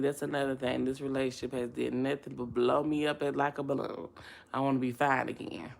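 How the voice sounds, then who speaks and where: A woman's voice: extremely low pitch, level tone, a little fast, creaky. A woman from Alabama with a Southern accent, chatting casually and expressively to her livestream viewers. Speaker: livestream host. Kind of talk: casual livestream chat, reading comments aloud.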